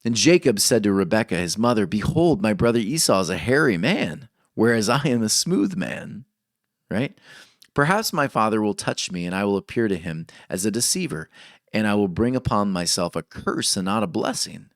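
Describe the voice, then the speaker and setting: A man's voice: fairly low pitch, big pitch swings, moderate pace, dry recording, studio quality. A man preaching a sermon, reading scripture aloud expressively and stopping to comment on it. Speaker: pastor.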